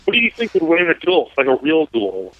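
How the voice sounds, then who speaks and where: A man's voice: a little high, wildly swooping pitch, brisk. A man putting questions to the others in a casual podcast chat, on a dull lo-fi mic. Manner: asks pointed questions.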